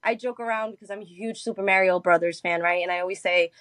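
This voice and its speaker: A woman's voice: mid-range voice, fairly even intonation, fast, no room sound. A woman speaking as a guest from a grief support nonprofit, talking in an earnest conversational way and often asking "right?". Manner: warm, earnest, often adds "right?" and "you know". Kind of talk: conversational interview.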